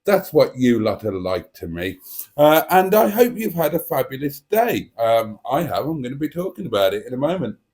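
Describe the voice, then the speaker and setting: A man's voice: mid-range voice, big pitch swings, normal speed, darkish tone. A man hosting a live stream, chatting casually and reading out viewer comments in a playful, cheeky, theatrical way.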